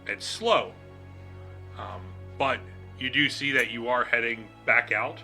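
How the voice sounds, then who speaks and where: A man running a tabletop game as game master, relaxed and halting, with many fillers and frequent laughs. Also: mid-range voice, soft background music.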